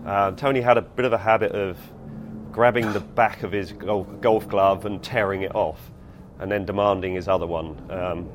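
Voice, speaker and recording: Very deep-voiced man telling a story. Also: slight background noise. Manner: measured, steady storyteller with many ums. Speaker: former golf caddie. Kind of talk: casual anecdotal storytelling.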